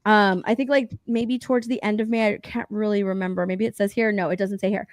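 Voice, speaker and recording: A woman co-hosting a pop-culture news podcast, chatting casually with lots of fillers and excitement. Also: mid-range voice, fairly quick, no echo, studio quality. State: hiccups. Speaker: podcast co-host. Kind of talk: casual chat.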